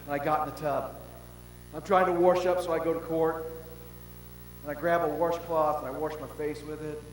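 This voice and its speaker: An older male pastor preaching a sermon, telling stories with animated swings from shouts to hushed tones, recorded in a large pavilion. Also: on the high side, moderate pace. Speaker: senior pastor. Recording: roomy hall with long reverb and faint hum.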